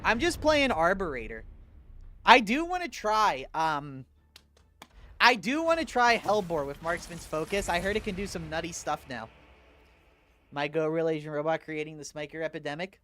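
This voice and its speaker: A man's voice: a little high, sing-song, normal speed, sharp tone. A man streaming a game, chatting casually with his viewers in a laid-back, profane, sarcastic way. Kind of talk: casual livestream chat while gaming.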